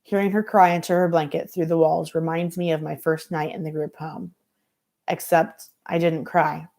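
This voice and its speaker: Low, gravelly woman reading aloud. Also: little pitch movement, normal speed, a little mellow. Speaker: reader of a novel for school students.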